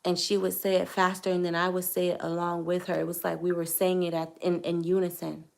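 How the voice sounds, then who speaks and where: A woman's voice: fairly low pitch, monotone, brisk, vocal fry, darkish tone. A young woman vlogger telling a personal testimony to camera in an earnest, hesitant way, choosing her words carefully.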